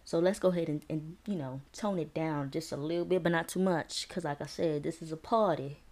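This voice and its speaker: Woman, podcast host, playful, animated delivery, casual chat, laughs often. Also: low-pitched, a little hiss or hum. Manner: animated, rhyming and drawn-out words. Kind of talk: casual solo podcast talk.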